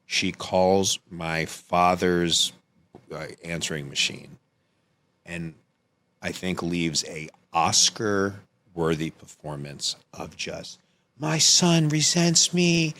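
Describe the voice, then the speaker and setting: A man's voice: deep voice, steady tone, slow pace, fairly bright tone. A man, a filmmaker guest on a podcast, telling a personal story in a casual, rambling, profane way.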